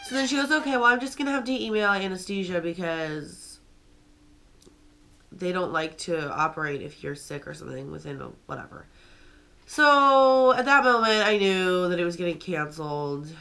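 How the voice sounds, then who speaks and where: A woman's voice: fairly low pitch, big pitch swings, normal speed, gravelly, sharp tone. A young woman vlogging to camera, telling a story with many fillers and restarts while venting that she is upset.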